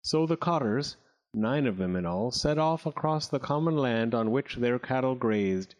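A man reading a story aloud with expressive, dramatic narration. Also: mid-range voice, moderate pace.

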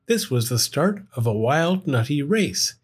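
A man reading a rhyming children's picture book aloud in an expressive, sing-song way. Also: medium pitch, measured pace, breathy edge. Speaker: storyteller. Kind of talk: storybook read-aloud in rhyme.

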